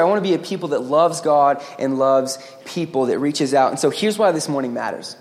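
A man preaching a lively sermon as pastor, joking with the congregation. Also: a little high, normal speed, hardly any pauses. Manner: energetic, joking, acts out quoted voices. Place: church sanctuary. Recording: long hall reverb.

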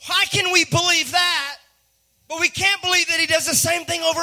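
A man pastor, preaching a sermon in an animated way, dropping to a hush and then rising to a shout. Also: very high voice, fairly quick. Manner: animated, swings from hushed to shouting, acts out voices.

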